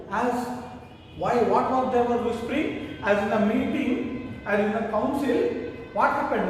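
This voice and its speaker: Man, teacher, very slow, repetitive questioning, far from mic, echoey room, faint hum. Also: extremely high pitch. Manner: repetitive, asks questions then answers them. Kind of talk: classroom lesson explaining a story.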